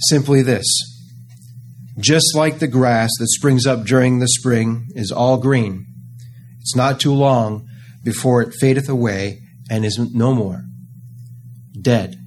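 A man preaching a sermon, earnest and emphatic, slowing down to stress key phrases. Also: medium pitch, a little mellow, a little hiss or hum.

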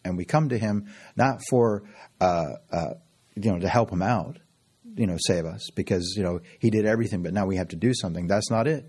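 A man's voice: on the low side, fairly quick, a little mellow, breathy edge. A middle-aged man preaching a sermon fervently, repeating phrases and laughing often. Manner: fervent, with frequent laughs and repetition.

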